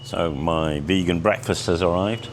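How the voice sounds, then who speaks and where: Man, croaky voice, casual travel vlog, chatty, loud traffic noise outdoors. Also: deep voice, a little slow. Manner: chatty, relaxed, trails off mid-sentence. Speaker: travel vlogger. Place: outdoors on busy streets and in cafes. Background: traffic and motorbikes.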